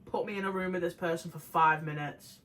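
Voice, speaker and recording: A woman's voice: fairly low pitch, steady tone, brisk, fairly bright tone, poor audio. A young woman co-hosting a casual chat, blunt and sweary with exasperated reactions. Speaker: co-host.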